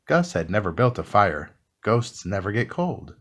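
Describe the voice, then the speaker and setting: Low-voiced man reading a bedtime story. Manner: slow, soothing, expressive reading. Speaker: storybook reader. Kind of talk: calm bedtime read-aloud.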